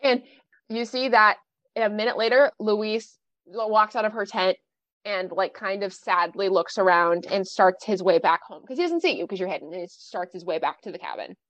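A woman running a horror tabletop game as game master, narrating in a suspenseful, halting way. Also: medium pitch, fairly bright tone, no echo. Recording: dry, slightly muffled recording.

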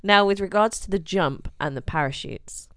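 Low-voiced chatty woman. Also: normal speed, a bit bright, clear, resonant tone, no echo, clean studio sound. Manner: chatty, laughs often, trailing restarts. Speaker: podcast co-host. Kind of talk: casual chat about a true crime case.

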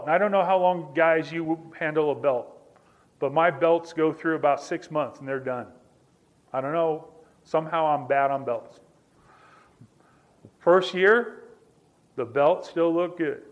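High-pitched guy preaching, chatty story with lots of repeated lines, talks right to the crowd. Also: dull audio. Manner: repetitive, building emphasis through restated phrases; conversational, addresses listeners directly. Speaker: pastor. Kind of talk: sermon with personal storytelling.

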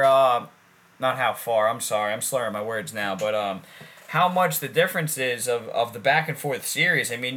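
Bright-voiced man, loose and profane. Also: medium pitch. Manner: loose, profane, repeats himself. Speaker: podcast co-host. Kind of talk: casual sports chat.

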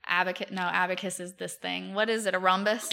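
A woman's voice: on the low side, little pitch movement, fairly quick, creaky, bright, forceful tone, clear, resonant tone. A woman, telling stories as a podcast guest, chatty with many fillers and frequent laughs. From Mobile, Alabama, US. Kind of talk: casual chat.

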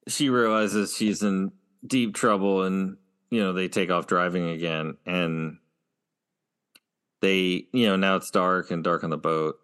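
A man's voice: deep voice, fairly even intonation, a little slow, a bit bright, clean tone. A man co-hosting a casual TV recap chat, retelling scenes in a meandering way. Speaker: podcast co-host. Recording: long reverb.

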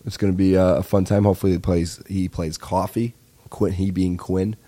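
Rambling young podcast host. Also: male voice, low voice, fairly quick. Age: 20s. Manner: rambling, excitable and profane. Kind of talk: comedic podcast monologue.

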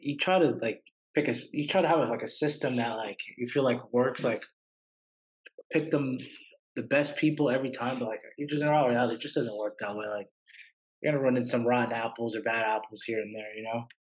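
Very deep-voiced easygoing woman. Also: brisk, poor audio. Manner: easygoing, agreeable, frequent short backchannels. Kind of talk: casual chat.

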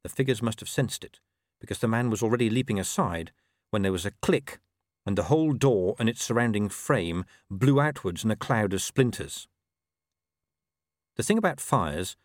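A man narrating an audiobook in an expressive, wry storytelling manner. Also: fairly low pitch, no room sound, clean studio sound. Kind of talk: scripted narration.

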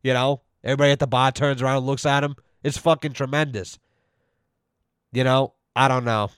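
A man's voice: medium pitch, steady tone, fairly quick, fairly bright tone, clear, resonant tone, no room sound, studio quality. A man giving a mock-serious rant on his own show, profane and full of repeated "you know"s. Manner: profane, repetitive. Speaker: podcast host.

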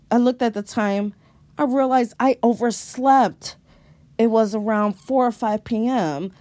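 A woman's voice: mid-range voice, mellow, dry recording. A woman narrating a first-person horror story in a dramatic, exclamatory way, with casual swearing.

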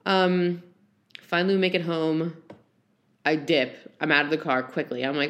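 Young woman podcasting into her phone, rambly and animated, keeps saying like, lowish voice, bit of music under it. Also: normal speed, pauses often. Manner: animated, self-deprecating, lots of "like" and "um". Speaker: podcast host. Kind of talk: casual storytelling monologue. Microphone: handheld phone.

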